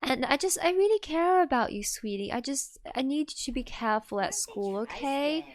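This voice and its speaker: A soft, hesitant dad who fumbles for words when he worries about his daughter, as a woman puts him on. His voice sits fairly high and stays tender and uncertain. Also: expressive, normal speed, dry recording. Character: caring awkward middle-aged dad.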